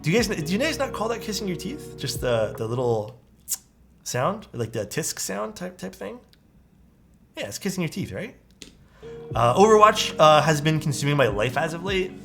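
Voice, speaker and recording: Young man, streamer, casual chat, higher voice, very animated, swears a lot, faint music behind. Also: moderate pace, gravelly. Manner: animated, swears casually, calls viewers dude.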